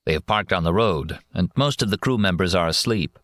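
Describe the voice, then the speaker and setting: Lower-voiced man narrating a war memoir. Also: lively intonation, a bit bright, dry recording, clean studio sound. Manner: measured, plain reading. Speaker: audiobook narrator. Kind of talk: first-person memoir narration.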